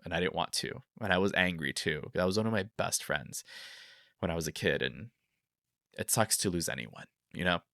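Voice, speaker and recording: Very deep-voiced rambling man host. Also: normal speed, vocal fry, fairly bright tone, dry recording, studio quality. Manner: rambling, filler-heavy, openly emotional. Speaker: podcast host. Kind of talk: casual podcast chat, reading listener stories.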